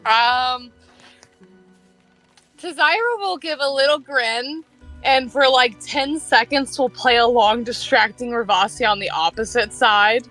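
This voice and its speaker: A woman player chats casually in a tabletop game, talking through her character's moves. Her voice is fairly high and bright, and she sounds easygoing. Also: a little slow, soft background music, rough recording.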